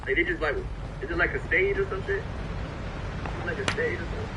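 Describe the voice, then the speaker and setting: A young man from Florida telling a long story on a casual stream, with lots of swearing and loud re-enacted quotes. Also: a little high, fairly quick, heavy background noise. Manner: profane, animated, repeats himself, acts out quotes.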